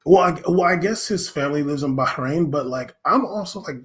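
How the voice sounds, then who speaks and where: A man's voice: on the high side, animated, a little fast, few pauses, a bit bright. A man hosting a podcast, talking casually and rambling with slang, frequent fillers and laughter. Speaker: podcast host. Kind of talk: casual solo commentary.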